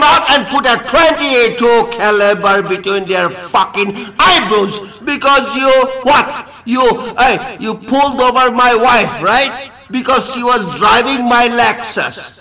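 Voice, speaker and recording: A man's voice: very high voice, slow pace, crowd noise. A man caller ranting on a recorded phone call, repetitive, profane and threatening.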